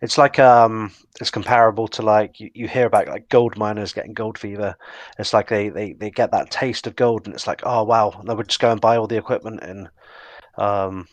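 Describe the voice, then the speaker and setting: Man, low voice, dry close mic, casual podcast chat, rambling. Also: fairly even intonation, a little fast, no echo, dull audio. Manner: rambling, lots of fillers and restarts. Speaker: co-host.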